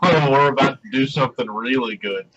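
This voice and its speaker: A man's voice: medium pitch, fairly quick, a bit bright. A man playing a tabletop game, brash and joking in casual banter. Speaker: player. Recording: dull lo-fi audio with faint hiss.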